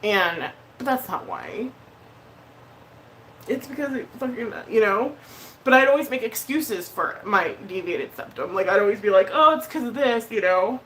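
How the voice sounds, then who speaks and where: A woman with a bright, forceful voice talks to her live-stream viewers in a blunt, heated way. She swears freely and hesitates on fillers as she speaks. A faint noise sits behind her. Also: mid-range voice, a little slow. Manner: emotional, hesitant with many fillers. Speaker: vlogger. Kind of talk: casual live-stream chat.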